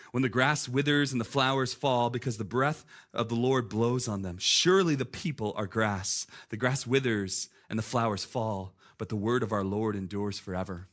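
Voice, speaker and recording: A man in his thirties, a pastor preaching a conversational, lively sermon full of "like" and "listen". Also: mid-range voice. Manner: conversational, animated, peppered with "like" and "listen".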